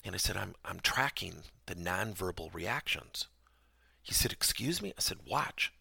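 A man's voice: low-pitched, lively intonation, a little slow, gravelly, bright, forceful tone, breathy edge, no room sound, studio quality. A man hosting a podcast lesson, telling personal stories and asking the listener emphatic rhetorical questions. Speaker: podcast host and workplace trainer.

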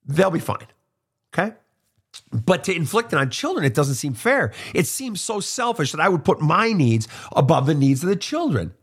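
Middle-aged male advice host, casual and profane, very animated delivery. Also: a little high, moderate pace, husky. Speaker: host, soul counselor. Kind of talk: casual advice monologue answering questions.

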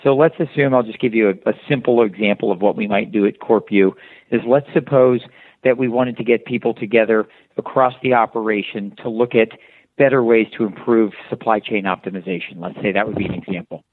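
A man's voice: lowish voice, steady tone, brisk. A man, a company founder, answering interview questions at length, explaining with examples and frequent restarts. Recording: tinny phone line, dry.

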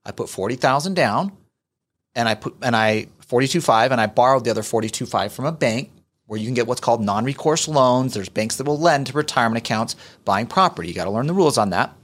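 A man's voice: medium pitch, lively intonation, fast talker, fairly bright tone. A man co-hosting a podcast, speaking enthusiastically in a casual chat. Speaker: podcast co-host.

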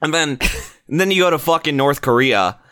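A man's voice: fairly high pitch, expressive, moderate pace, fairly bright tone, clean tone. A man in casual podcast chat about video games, rambling and profane, often breaking into mocking impressions.

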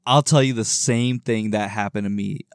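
A man co-hosting a podcast in casual chat, an animated storyteller who laughs and swears. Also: fairly low pitch, moderate pace, clean tone, dry recording, studio quality. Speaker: podcast co-host.

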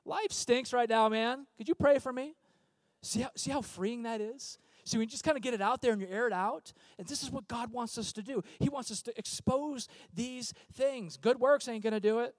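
A middle-aged man preaching a sermon as pastor, conversational and animated, acting out little asides in other voices. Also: extremely high pitch, fairly quick, hardly any pauses, no room sound.

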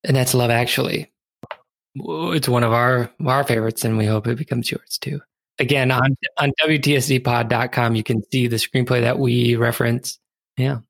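Man, podcast co-host, casual movie chat, gravelly, dry close mic. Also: medium pitch, steady tone, moderate pace, no echo. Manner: laughs often, quotes lines in silly voices.

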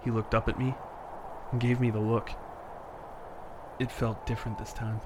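An actor playing a tired, frightened young father who narrates a horror story in first person, tense and hushed. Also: mid-range voice, little pitch movement, normal speed, noisy background, natural voice. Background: music.

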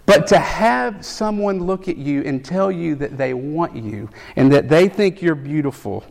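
A man preaching a sermon, animated, building to loud emphatic peaks. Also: high voice, vocal fry. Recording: long hall reverb.

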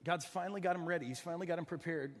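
A man's voice: a little high, very fast. Man preaching in a reverberant hall. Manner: dramatic swings from soft near-whisper to loud pleading; repeats and stumbles on words. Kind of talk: sermon.

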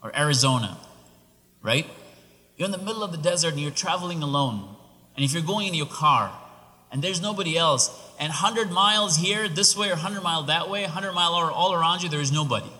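A man preaching a sermon, telling a story with animated, rising exclamations. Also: a little high. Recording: long reverb of a large hall.

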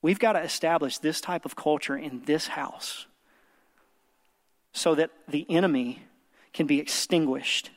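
A man's voice: a little high, a little slow, long pauses. A man in his thirties preaching an earnest sermon to a congregation, telling a story to make his point. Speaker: pastor. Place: church service. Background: soft background music.

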